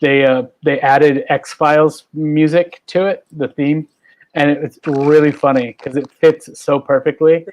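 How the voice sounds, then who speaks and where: A man's voice: on the high side, fairly even intonation, a little slow. A man hosting a casual online talk show from home, rambling with many fillers and restarts. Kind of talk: casual chat on a live video call.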